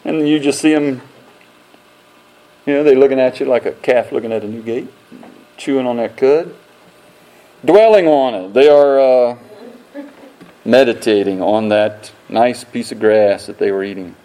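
A male pastor delivers a sermon in a relaxed, folksy manner. He talks to the congregation as if chatting, with homespun comparisons and dry joking asides. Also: mid-range voice, unhurried, long pauses, poor audio.

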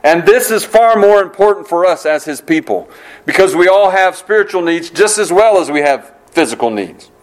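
A man preaching a sermon, earnest and repetitive, slowing down on key phrases for emphasis. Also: sits high, animated, poor audio. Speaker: pastor.

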